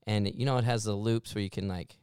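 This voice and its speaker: A man's voice: on the low side, fairly even intonation, fast talker, a little mellow, clean tone, no room sound, clean studio sound. A young man, a podcast co-host, telling a rambling, self-deprecating story in casual chat and laughing often.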